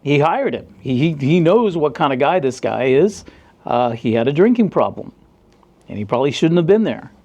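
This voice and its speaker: A middle-aged man from the United States, a former cop, tells stories in a casual interview. His voice is mellow and sits a little high for a man. He acts out the other people in the story. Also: normal speed, highs cut off. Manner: animated storyteller, acts out dialogue in a raised voice. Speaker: former police officer.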